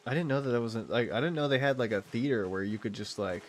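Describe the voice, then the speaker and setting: A man's voice: medium pitch, animated, quick pace, slight background noise. A young man streaming a game, chatting in a rambling, crude, giggly way. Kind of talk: casual chat while streaming a game.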